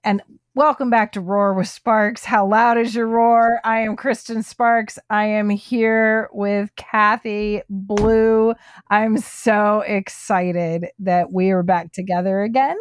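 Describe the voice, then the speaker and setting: A woman's voice: medium pitch, flat delivery, slow, smooth, no room sound. A woman hosting a podcast, chatting with her co-host in an effusive, enthusiastic way. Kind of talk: casual podcast chat.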